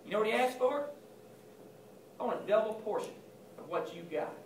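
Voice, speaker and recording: The preacher speaks at a normal pace in an expressive, high voice, addressing school students informally in a chapel. He performs Bible scenes with quoted voices; the echoey recording is distant and has a little hiss or hum.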